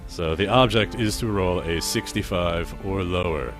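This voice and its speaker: Deep-voiced male dungeon master. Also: music in the background. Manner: chatty, quick asides, laughs often. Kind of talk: narrating a tabletop game on a livestream.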